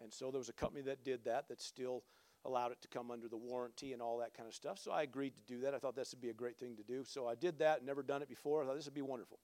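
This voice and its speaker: A man preaching a sermon, telling a personal story with lively rambling and loud exclamations. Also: mid-range voice, no echo. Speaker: pastor.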